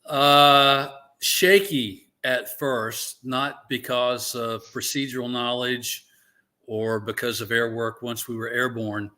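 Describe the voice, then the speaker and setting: Bright-voiced older man from Alabama. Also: medium pitch, fairly even intonation. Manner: unhurried, drawn-out delivery with frequent "uh" pauses. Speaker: guest, veteran naval aviator. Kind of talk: relaxed storytelling interview.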